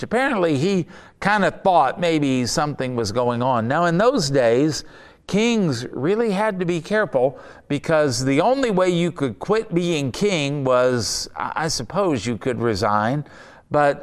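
Man preaching a sermon, smooth voice. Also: mid-range voice, lively intonation. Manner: conversational storytelling with rhetorical asides; slow emphatic scripture reading.

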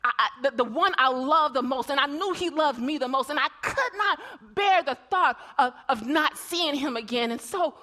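A woman preacher giving an emotional sermon, telling stories and often repeating words as she swings between hushed and loud. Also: sits high, lively intonation, moderate pace, hardly any pauses.

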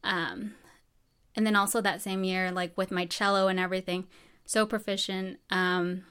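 A woman's voice: medium pitch, flat delivery, normal speed, a bit bright, clear, resonant tone. Chatty young woman telling her story. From New Mexico. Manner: chatty, many fillers, acts out quoted dialogue. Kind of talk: casual personal storytelling.

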